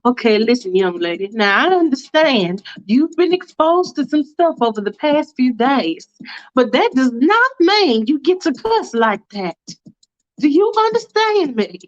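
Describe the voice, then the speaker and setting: A woman's voice: sits high, very animated, measured pace, dull audio. A woman voicing a firm, scolding church-going mother. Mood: stern.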